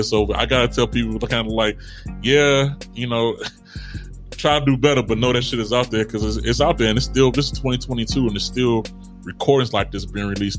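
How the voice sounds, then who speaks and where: A man's voice: fairly low pitch, fairly bright tone. A man co-hosting a casual talk show, laid-back and thoughtful, searching for his words as he reflects.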